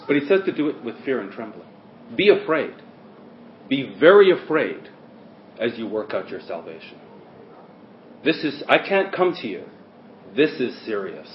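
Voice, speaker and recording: A man preaching a sermon in a church hall, who swings between loud stresses and quiet asides. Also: medium pitch, slight background noise. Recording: roomy, dull lo-fi sermon recording.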